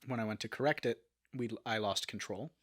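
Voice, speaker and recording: A young adult man, a guest actor, telling a story in a casual interview, animated, with many fillers and restarts. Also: medium pitch, fairly quick.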